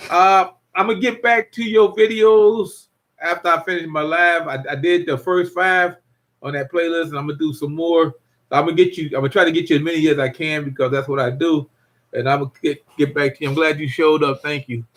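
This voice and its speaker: Older male streamer, slightly high voice, rambling casual monologue. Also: steady tone, fairly quick, fairly bright tone. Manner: rambling, repeats himself, greets viewers by name. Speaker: livestream host.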